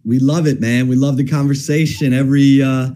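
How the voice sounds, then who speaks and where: A man's voice: medium pitch, little pitch movement, brisk, dark tone. A man hosting a sports talk show, upbeat and talking up guests and sponsors. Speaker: host.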